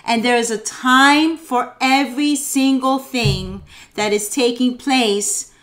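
High, bright-voiced woman preaching slowly. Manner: earnest, measured, affirming. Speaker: podcast co-host. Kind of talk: devotional podcast talk, reading scripture.

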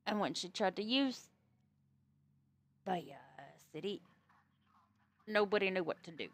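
A woman's voice: mid-range voice, animated, a little slow. A woman from the US East Coast, streaming a roleplay game and chatting casually, blunt and profane in an easygoing way. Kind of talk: casual chat while playing a roleplay game.

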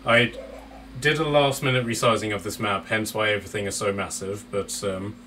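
A man's voice: lowish voice, fairly even intonation, a little fast, bright, forceful tone. A man narrating as game master of a tabletop game, loose and rambling with many fillers, on a distant mic with faint noise.

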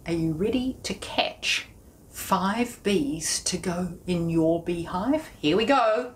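A woman leading a children's music session, talking and singing in a playful sing-song way, sometimes dropping to a hushed whisper. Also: lowish voice, animated, slow pace, slight background noise.

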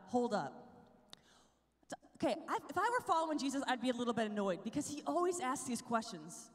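A young woman giving a lively, chatty preaching talk at a youth conference, often checking in with the crowd. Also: on the high side, brisk. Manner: energetic, chatty, asks the crowd "right?" often. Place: large conference hall with a live crowd. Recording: live talk in a big reverberant hall.

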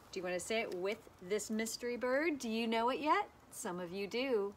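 A woman's voice: fairly high pitch, lively intonation, moderate pace, few pauses, fairly bright tone, slight background noise. A woman teacher giving a cheerful, sing-song lesson to children outdoors by a fire pit, inviting them to repeat after her.

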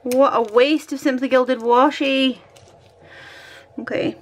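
A woman's voice: sits high, fairly even intonation, slow. A Scottish woman vlogging at home, chatting and thinking aloud while she decorates her planner, often poking fun at herself.

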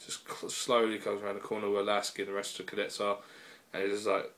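A man's voice: lowish voice, completely flat delivery, fast talker, a bit bright. A man giving a casual, rambling spoken review on a laptop mic, peppered with fillers and swearing. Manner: rambling and profane, full of fillers. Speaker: video reviewer.

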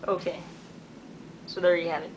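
A young man in his twenties from Canada talks excitedly in a casual video diary, using lots of "like" fillers. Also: fairly high pitch, moderate pace. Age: 20s. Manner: chatty and excitable, many "like" fillers. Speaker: vlogger and artist. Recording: noisy background.

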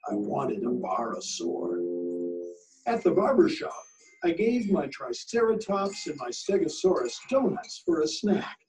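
Male teacher reading aloud, high lively sing-song voice, distant mic, faint music behind. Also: a little slow. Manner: expressive, sing-song storytelling. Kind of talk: picture-book read-aloud.

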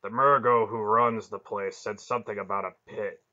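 A man's voice: lowish voice, fairly even intonation, normal speed, sharp tone, muffled recording. A man reading an audiobook, voicing a suspicious, blunt male soldier.

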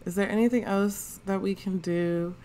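A woman's voice: mid-range voice, steady tone, moderate pace, dark tone, slight background noise. A woman, giving slangy, chatty commentary as she plays a life-sim game. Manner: chatty, slangy, narrates characters' thoughts. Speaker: gaming channel host. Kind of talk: casual let's play commentary.

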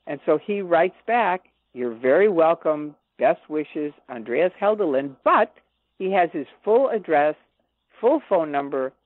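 Older female guest, lively storyteller who acts out quotes; tinny, dry phone audio. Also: low-pitched, no room sound. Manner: animated, acts out quoted dialogue. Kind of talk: personal storytelling in an interview.

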